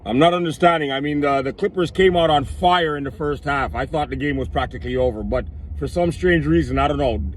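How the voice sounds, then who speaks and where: A man rants emphatically to his viewers in a casual sports vlog, his fairly high voice a little hoarse. Faint car and street noise sits behind him. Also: fairly quick, hardly any pauses. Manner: emphatic, addresses viewers as "people". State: losing his voice. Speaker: vlogger.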